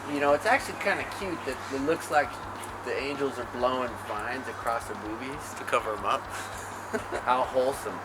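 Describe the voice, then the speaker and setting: A man's voice: mid-range voice, noisy background. A young man from a band giving a casual tour of his home and backyard, offhand and swearing a lot. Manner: profane, jokey and offhand. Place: home, indoors then backyard.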